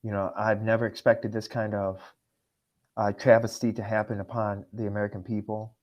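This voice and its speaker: A man from Russia, a guest on a podcast, giving earnest and upset political commentary and clearing his throat now and then. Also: on the low side, level tone, moderate pace, a little mellow.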